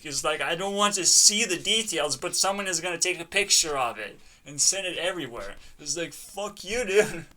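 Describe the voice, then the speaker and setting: A man's voice: fairly high pitch, bright, forceful tone. A man giving a profane, mocking reaction commentary, ranting and laughing often. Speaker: channel host reacting to a video.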